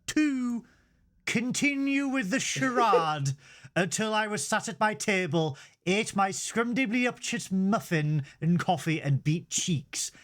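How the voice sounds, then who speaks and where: A man's voice: high-pitched, lively intonation, slow pace, a bit bright. A young man, co-hosting a podcast in casual chat, rambling with stumbling restarts and comic asides. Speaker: podcast co-host.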